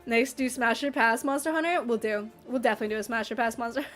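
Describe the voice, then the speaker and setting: A woman streaming and chatting casually with her viewers, playful and animated, answering chat with mock outrage and quick laughs. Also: fairly high pitch, faint music behind.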